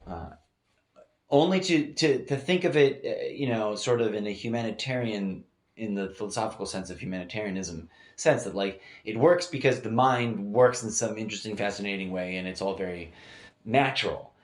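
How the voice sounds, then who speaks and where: A man's voice: fairly low pitch, normal speed. A man hosting a solo podcast, thinking aloud in a meandering, hesitant way with many fillers and restarts, recorded in a room at home. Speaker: podcast host. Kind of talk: rambling solo podcast monologue. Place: home room used as studio. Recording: echoey room.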